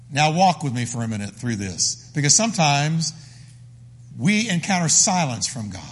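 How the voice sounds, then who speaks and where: A man's voice: fairly high pitch, big-room sound. A man preaching a sermon as the pastor, emphatic and full of repeated phrases.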